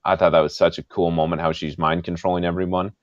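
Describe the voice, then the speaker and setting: A man's voice: low-pitched, level tone, fast talker, dry recording. A man on a podcast talking casually and eagerly, gushing and repeating himself as he makes his points. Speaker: podcast co-host. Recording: dry, muffled remote audio.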